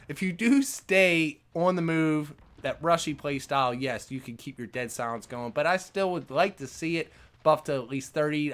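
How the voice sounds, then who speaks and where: A man hosting his own gaming channel, talking through a casual rant with loose filler like "man" and "you know." His voice sits a little high and swings widely in pitch as he gets worked up. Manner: animated, conversational, lots of "man" and "you know". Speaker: gaming YouTuber.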